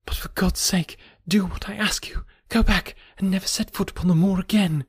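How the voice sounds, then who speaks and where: A man voicing a young woman in an audiobook, speaking in a low, eager voice with a slight lisp and hushed, hurried warnings. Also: fairly even intonation, breathy edge, dry recording, studio quality. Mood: urgent. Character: young woman, urgent and secretive. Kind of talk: audiobook character voice.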